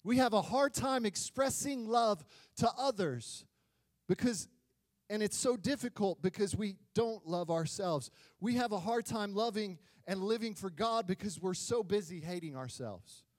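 High-voiced, animated male pastor. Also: measured pace, no echo. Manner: animated and joking, swinging between loud and quiet. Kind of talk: sermon.

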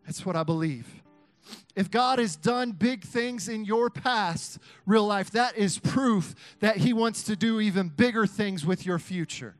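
A young man preaching an energetic sermon to a youth crowd, chanting call-and-response lines and laughing between points. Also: sits high, a little slow, no room sound, faint music behind. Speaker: youth pastor.

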